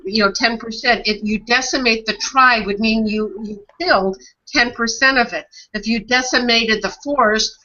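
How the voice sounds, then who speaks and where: A woman co-hosting a casual chat, lively and enthusiastic as she talks about words. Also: on the high side. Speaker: co-host. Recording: muffled lo-fi audio.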